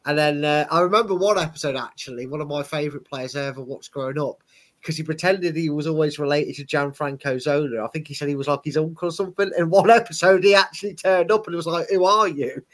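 A man's voice: on the high side, fast talker. A man co-hosting a football podcast, chatty and sarcastic, laughing as he tells stories. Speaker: podcast co-host. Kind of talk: casual football chat.

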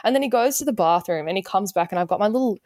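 Animated Australian woman telling a story. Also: mid-range voice, racing, no room sound, clean studio sound. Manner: animated storyteller, acts out both sides of conversations. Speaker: podcast guest. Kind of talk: casual chat.

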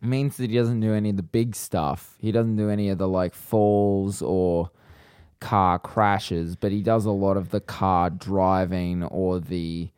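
A man co-hosting a podcast in casual chat, relaxed and explaining at length, and reading the show's sign-off. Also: deep voice, unhurried, clear, resonant tone, no room sound, studio quality. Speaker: podcast co-host.

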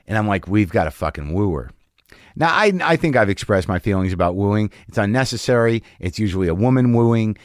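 A man, a comedian guest on a podcast interview, telling crude road stories in a profane, animated way. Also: lowish voice, fast, few pauses, no echo, clean studio sound.

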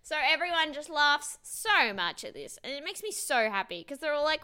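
A woman's voice: high voice, expressive, moderate pace, few pauses, sharp tone. A woman co-hosting a podcast, recapping a reality show in casual, swearing chat, laughing often and acting out quotes. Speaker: podcast co-host.

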